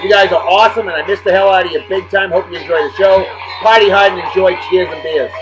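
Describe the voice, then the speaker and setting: A man hosting a casual video show, giving rowdy, jokey shout-outs that swing between loud bursts and low asides. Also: steady tone, quick pace. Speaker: host of a daily beer and music video show. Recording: dull lo-fi video with music underneath.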